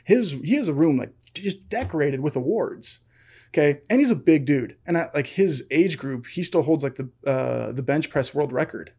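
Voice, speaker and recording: A man's voice: a little high, animated, normal speed, a little mellow, breathy edge. A young man telling a long story on a casual podcast chat, full of fillers, laughing often. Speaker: podcast co-host.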